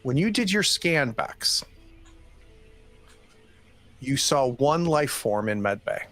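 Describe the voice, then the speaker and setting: A man narrating as game master, relaxed and hesitant with many fillers. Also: mid-range voice, slow, soft background music.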